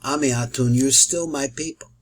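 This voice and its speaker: Husky man teaching a Torah lesson. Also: medium pitch, moderate pace, poor audio. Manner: explanatory, with frequent restarts and Hebrew quotations. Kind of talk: recorded study lesson.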